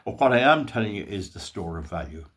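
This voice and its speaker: A man's voice: fairly low pitch, lively intonation, quick pace, fairly bright tone. An older Irish man hosting his own channel, talking in a folksy, rambling monologue with restarts and asides. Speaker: channel host. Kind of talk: casual monologue.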